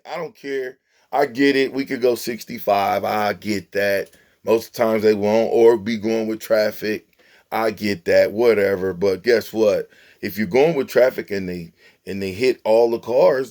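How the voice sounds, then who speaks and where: Male football commentator, low and gravelly, exasperated and emphatic, lecturing the players. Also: expressive, moderate pace, a little mellow. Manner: preachy, emphatic, exasperated, talks to players directly. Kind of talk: animated sports commentary vlog.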